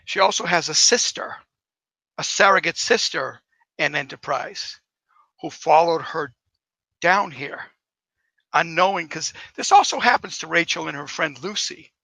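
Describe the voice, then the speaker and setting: A male author guest who tells stories in a rambling, enthusiastic way. His voice is gravelly and sharply bright. It sounds dry and close. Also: a little high, expressive, measured pace, long pauses, no room sound, low-quality recording. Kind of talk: casual interview.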